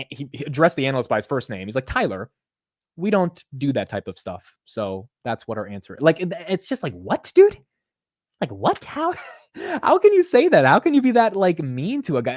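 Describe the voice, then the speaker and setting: A man's voice: fairly high pitch, no echo, clean studio sound. A young man hosting a casual livestream about the stock market, talking in a blunt, opinionated way and swearing now and then. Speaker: market commentary host.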